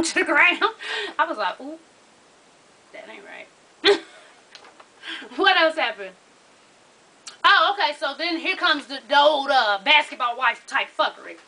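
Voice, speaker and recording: Sassy high-voiced woman gossiping. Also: expressive, takes it slowly, a little hiss or hum. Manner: sassy, loud laughs, quotes people in put-on voices. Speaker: reality show recap vlogger. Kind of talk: casual profane gossip recap.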